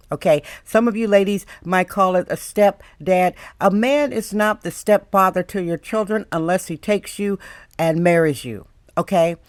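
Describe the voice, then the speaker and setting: Emphatic older woman, low dry voice. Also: dry recording. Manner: emphatic, preachy, repeats key warnings. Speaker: advice mentor. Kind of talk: direct-to-camera advice monologue. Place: San Francisco, indoors.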